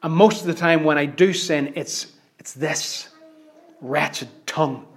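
A man preaching a sermon, his voice sitting a little high for a man. He drives his points home loudly, then drops to hushed near-whispers. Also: a little slow. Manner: dramatic swings from loud emphatic declarations to hushed near-whispers.

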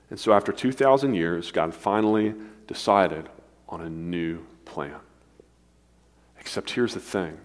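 A man preaching a sermon with a dynamic delivery, swinging between emphatic, raised passages and hushed, quiet ones. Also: fairly low pitch. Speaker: pastor. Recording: long reverb of a large hall.

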